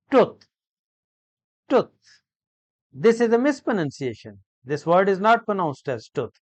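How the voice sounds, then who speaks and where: A man teaching an English grammar lesson, explaining each word slowly and deliberately, with frequent hesitations and repeated phrases. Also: a little high, no room sound. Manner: slow, deliberate, repetitive explanation with many hesitations.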